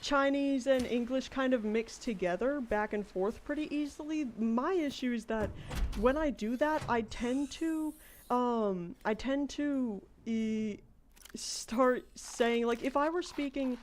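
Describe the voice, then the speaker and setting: A woman's voice: on the high side, slow, darkish tone, slight background noise. Chatty American woman streaming a game. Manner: rambling, thinks aloud while playing; chatty, explains at length. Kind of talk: casual livestream chat.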